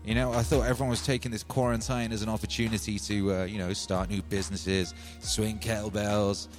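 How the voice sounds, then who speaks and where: A man hosting a livestream, telling a rambling comic story in an animated, slangy way and often calling listeners "baby". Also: on the low side, brisk, soft background music. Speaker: livestream music host.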